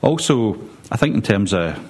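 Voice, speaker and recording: A man with a deep, husky voice talks football. He rambles in a measured way, pausing often and circling back to his point. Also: sing-song, a little mellow. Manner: measured, rambling, many hesitations. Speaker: podcast guest pundit. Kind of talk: casual football chat.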